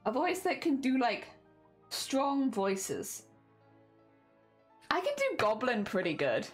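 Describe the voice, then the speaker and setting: Lively, higher-voiced British woman streamer. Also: slow pace, faint music behind. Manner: chatty, laughs often, repeats "oh dear" while reading chat. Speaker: craft livestreamer. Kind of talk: casual chat with livestream viewers.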